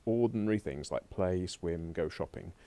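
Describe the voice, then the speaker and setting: A man's voice: low-pitched, moderate pace, warm tone. A man teaching a recorded remote French lesson, chatting to himself as he works through slides on a laptop. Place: home or classroom desk at a laptop.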